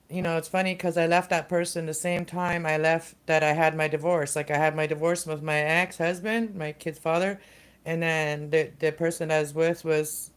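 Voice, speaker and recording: Woman, middle-aged, livestream host, casual rambling chat, halting with fillers, lowish voice. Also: clear, resonant tone.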